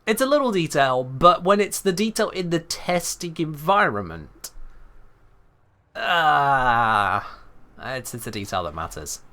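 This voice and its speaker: A British man streaming a game, giving chatty, animated live commentary. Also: fairly high pitch, unhurried. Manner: chatty, animated, self-correcting.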